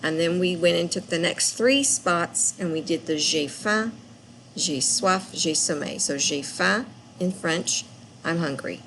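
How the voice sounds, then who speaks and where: Patient woman teacher recapping class at an unhurried pace, faint hiss behind. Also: fairly low pitch, a bit bright, rough recording. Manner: slow, patient, repeats phrases for students. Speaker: French teacher. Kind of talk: recap lesson for students.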